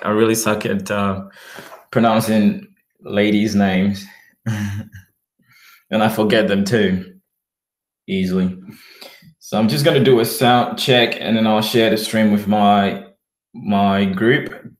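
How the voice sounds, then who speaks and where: A man's voice: fairly low pitch, reverberant. A man with a mixed Australian and British accent, rambling in a casual livestream chat as he talks to viewers.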